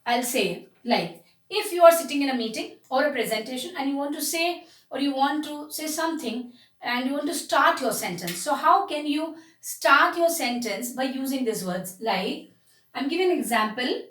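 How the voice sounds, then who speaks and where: A woman's voice: high voice, animated, normal speed, a bit bright, roomy sound, distant mic. A woman teaching communication skills, explaining with many fillers and restarts. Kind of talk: spoken lesson.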